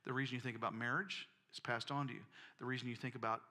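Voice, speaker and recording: A man's voice: mid-range voice, steady tone, fast, sharp tone. A man preaching a sermon, telling folksy personal stories and often repeating words. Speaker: pastor.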